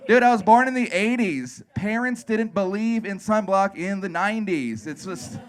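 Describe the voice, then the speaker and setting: A man's voice: sits high, moderate pace. A man in his thirties from Wisconsin doing a live stand-up set on a comedy club stage into a handheld mic. He is self-deprecating and crude, and he acts out the voices of other people.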